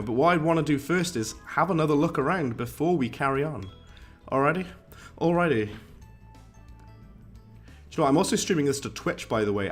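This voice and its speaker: A chatty man, rambling casually to his viewers as he plays. His pitch sits in an average middle range, and faint game music runs underneath. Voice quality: posh-sounding. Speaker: streamer. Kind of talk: casual game-stream chat.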